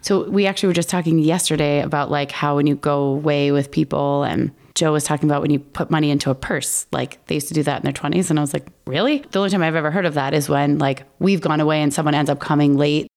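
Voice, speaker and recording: A woman's voice: low voice, steady tone, fast talker, hardly any pauses, a little mellow. A middle-aged woman co-hosting a podcast in casual chat, teasing and laughing often. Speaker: podcast co-host.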